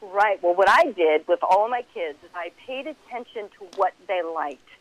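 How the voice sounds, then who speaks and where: A middle-aged woman, an author being interviewed, telling lively stories about raising her kids and acting out her own past reactions. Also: mid-range voice, normal speed, dry recording. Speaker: author and guest. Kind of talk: conversational interview storytelling. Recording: muffled lo-fi phone-like line.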